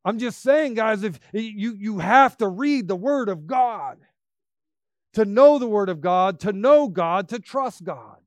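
A man preaching a sermon, emphatic, swinging between loud bursts and quiet asides. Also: high voice, expressive, slow pace, dry recording, clean studio sound.

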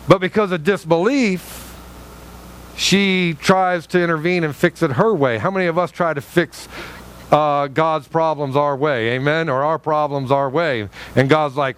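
A man's voice: on the high side, animated, measured pace, smooth. A man preaching a conversational sermon, joking with his congregation, quizzing them and acting out quotes from the story. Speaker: pastor. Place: church sanctuary.

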